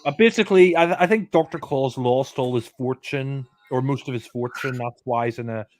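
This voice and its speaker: A man's voice: mid-range voice, normal speed, a little mellow, dry recording. A man doing casual film commentary, blunt and offhand, often restarting sentences.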